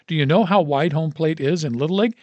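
A man doing a booming old baseball coach. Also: fast talker, no echo, highs cut off, natural voice. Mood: booming, preachy. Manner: booming, emphatic, preacher-like delivery. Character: fiery old male baseball coach lecturing a crowd.

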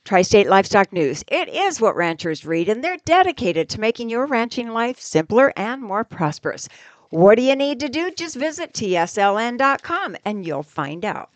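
A woman reading a radio ad with an upbeat sales pitch. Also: sing-song, moderate pace, no echo. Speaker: ad announcer. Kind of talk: read radio ad.

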